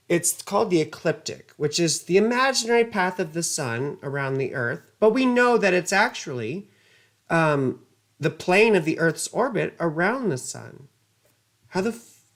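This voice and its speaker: A woman astrologer giving a casual astrology lesson, easily flustered, muttering curses and wandering into rambling asides. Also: sits low.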